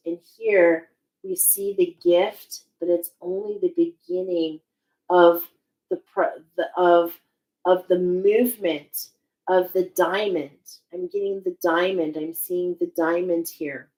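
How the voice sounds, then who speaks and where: A woman's voice: on the low side, steady tone, slow pace, a little mellow, poor audio. A woman giving a spiritual oracle card reading, speaking in a searching, emotional way with many restarts.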